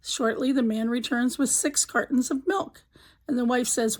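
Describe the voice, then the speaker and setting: A woman's voice: on the high side, fairly even intonation, moderate pace, rough recording. A woman telling a countdown of marriage jokes as the channel host, building to each punchline. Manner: storytelling with punchline delivery. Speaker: joke teller, channel host. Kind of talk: scripted joke countdown narration.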